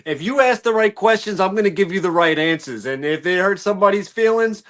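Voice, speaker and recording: A male wrestler guests on a podcast and talks with brash, cocky swagger. His voice is high for a man, and his tone stays playful even when he boasts. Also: a little fast. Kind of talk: casual podcast chat.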